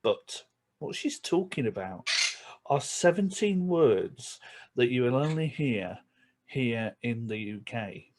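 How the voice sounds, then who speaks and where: A man with a Yorkshire accent chatting casually to camera as a vlogger, chuckling between remarks and slipping into quick asides. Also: medium pitch, expressive, noisy background. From England.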